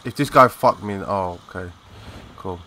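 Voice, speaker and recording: A young man giving live, excitable commentary over a shooter game, swearing and chatting in slang. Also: sits low, unhurried, slight background noise. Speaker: gaming commentator.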